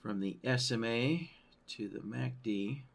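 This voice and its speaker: Slow, gravelly-voiced man teaching software. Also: medium pitch. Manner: loose, thinking aloud, frequent "right?" tags. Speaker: software trainer. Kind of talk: screen-share tutorial walkthrough.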